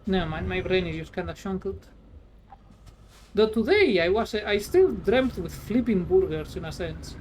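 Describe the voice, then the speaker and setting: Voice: medium pitch, expressive, moderate pace, noisy background. A streamer chatting casually while playing a trucking game, rambling and sarcastic, swearing freely. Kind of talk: casual gameplay chat.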